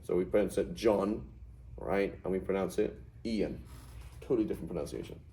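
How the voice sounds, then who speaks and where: A middle-aged man teaches Arabic grammar to a small class, his voice very mellow and dark and a little low. He keeps checking in with his students as he explains. A faint hiss sits under the recording. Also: a little fast, poor audio. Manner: explains with frequent "right?" checks.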